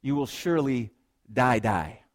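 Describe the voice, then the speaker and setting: A man preaching a sermon to a congregation, playful and animated, moving between hushed, slow lines and loud, excited ones. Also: medium pitch. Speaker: pastor.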